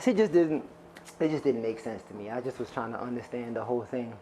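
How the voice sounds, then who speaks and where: A male stand-up comic working a live room, his pitch swooping up and down as he tells his stories. He rambles and swears in a loose, conversational way, talking straight to the crowd. A faint hiss of noise sits under the voice. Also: expressive, a little fast, warm tone. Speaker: stand-up comedian. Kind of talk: stand-up comedy set. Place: stage before a live audience.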